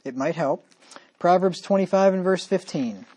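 A man's voice: high voice, moderate pace, mellow, husky. A man preaching a sermon as pastor, talking straight to his listeners with emphatic repetition and rhetorical questions.

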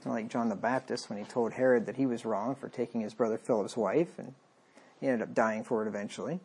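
Husky-voiced man preaching conversationally. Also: medium pitch, steady tone, fast talker, a little mellow. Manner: conversational, wry, acts out the king's lines. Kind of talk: sermon with scripture reading.

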